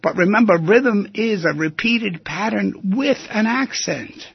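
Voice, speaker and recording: Gravelly, husky man hosting a show. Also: sits high, expressive, measured pace, dry recording, muffled recording. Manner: musing, asks the listener rhetorical questions. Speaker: radio show host. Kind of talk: reflective talk show monologue.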